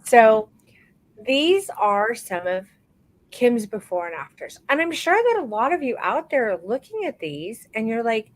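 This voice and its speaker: A woman hosting a live online photography class, talking warmly and encouragingly to her students, calling them "baby" and stretching out words for emphasis. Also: on the high side, sing-song, a little slow, poor audio. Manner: warm encouraging, calls people baby. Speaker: photography course instructor.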